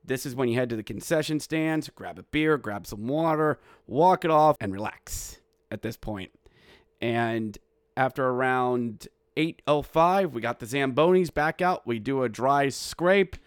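A man hosting a casual hockey recap, calling the plays and breaking into shouted goal calls, with jokey, self-mocking asides. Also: medium pitch, a little slow, clean tone, dry recording, studio quality. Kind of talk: casual game recap with play-by-play.

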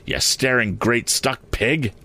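Shrill scolding sister, as a man puts her on. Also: slow pace, vocal fry, pushed and bright, heavily acted. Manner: shrill, snapping. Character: sharp-tongued scolding older sister, woman. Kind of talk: audiobook character voice.

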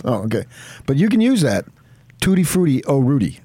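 A man's voice: medium pitch, big pitch swings, measured pace, mellow, husky, no echo. A man co-hosting a sports radio show, bantering playfully and chanting silly lines in a sing-song way. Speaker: radio co-host. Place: radio studio.

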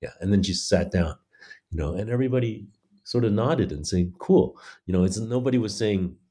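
A playwright from China being interviewed, telling animated stories and acting out the voices of the people in them. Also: male voice, on the low side, fairly quick. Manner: animated storyteller, acts out quoted voices. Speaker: playwright guest. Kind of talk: conversational interview.

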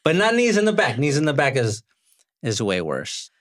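A man in his forties hosting a podcast, telling animated stories in casual chat with frequent swearing. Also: on the high side, moderate pace, dry recording, clean studio sound. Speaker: podcast host.

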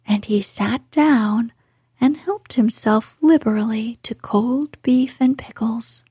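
A woman reading a storybook aloud in whispered role-play, softly and unvoiced. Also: a little high, slightly rough, no echo, clean studio sound. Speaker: narrator.

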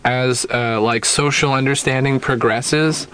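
A man's voice: mid-range voice, fairly even intonation, a little slow, bright, forceful tone, slight background noise. A man from Canada in a casual podcast chat. He cracks dry jokes and drifts into long social arguments.

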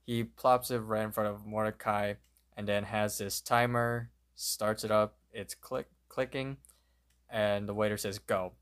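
A man co-hosting a podcast, retelling a cartoon episode scene by scene in a plain, steady way. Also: on the low side, a little slow, smooth. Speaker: podcast co-host. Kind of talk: episode recap narration.

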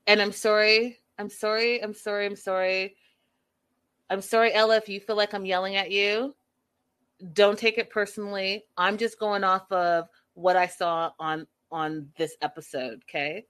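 A woman's voice: mid-range voice, unhurried, a bit bright. A woman giving blunt, exasperated casual commentary on a reality show, talking straight to the people on it. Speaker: reality TV recap vlogger.

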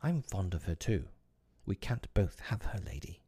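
A man's voice: low voice, big pitch swings, normal speed, mellow, breathy edge, heavily acted. A man reading aloud, voicing a boyish, defiant magical boy who flies, with an exultant, sneering manner. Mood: sulky.

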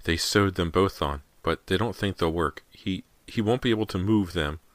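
A grieving mother on the edge of sobs, her voice choked and tight, as a deep-voiced man puts her on. Dry, close sound. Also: big pitch swings, moderate pace, fairly bright tone, no echo, heavily acted. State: crying.

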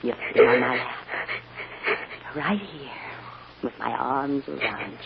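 A woman's voice: a bass voice, measured pace, vocal fry, dull audio, heavily acted. A woman playing a tender, anxious mother, soothing and sometimes tearful, in 1940s radio acting. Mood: gentle. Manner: soothing, emotional, tearful at times. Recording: scratchy old radio recording, hiss.

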